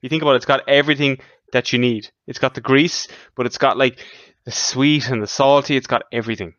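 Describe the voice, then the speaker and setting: A man's voice: mid-range voice, steady tone, fast, fairly bright tone, muffled recording. An Irish man co-hosting a podcast, teasing his partner with dry questions in casual banter. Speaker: podcast co-host.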